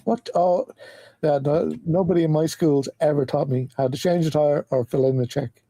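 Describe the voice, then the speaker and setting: A hoarse man with a cold chatting casually on a panel stream, joking and clearing his throat often. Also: a little high, steady tone, moderate pace, warm tone. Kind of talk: casual chat.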